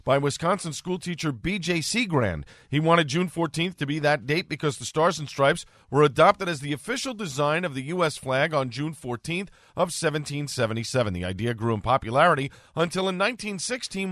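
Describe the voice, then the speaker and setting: A man reading the news and sports scores on morning radio in a steady, plain delivery. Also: fairly high pitch, no echo, studio quality. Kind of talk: newscast reading.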